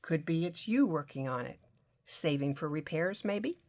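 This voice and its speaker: An easygoing young man with a smooth Southern drawl, deep and unhurried, who teases gently and stays friendly, as a woman with a low voice reads him aloud. He is a storybook character, relaxed and charming.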